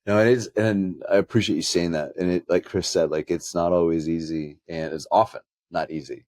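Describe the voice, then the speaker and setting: Deep-voiced earnest man in dry recording. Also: steady tone, fairly quick, darkish tone, no room sound. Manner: earnest, reflective storytelling. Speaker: podcast co-host and pastor. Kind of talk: conversational podcast chat.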